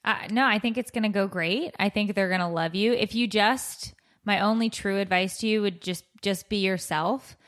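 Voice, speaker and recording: A woman co-hosting a podcast, encouraging and teasing, quick to reassure her friend. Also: medium pitch, fairly bright tone. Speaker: podcast co-host. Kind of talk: casual chat.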